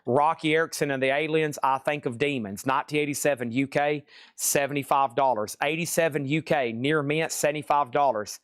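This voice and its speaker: In lively live-stream sales patter, a man selling records online calls out titles and prices fast and keeps bursting into exclamations. His voice is on the high side, with a clean tone, close and dry, no room sound at all.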